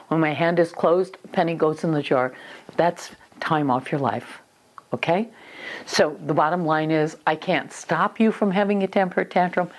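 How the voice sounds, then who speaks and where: A woman's voice: deep voice, darkish tone. A woman parenting coach giving firm, matter-of-fact advice on handling children, with some fillers and restarts.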